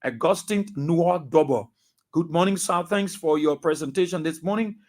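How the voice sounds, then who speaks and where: Liberian radio host reading listener names. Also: male voice, on the high side, a little mellow. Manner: brisk roll-call delivery, blessing listeners. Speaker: radio talk show host.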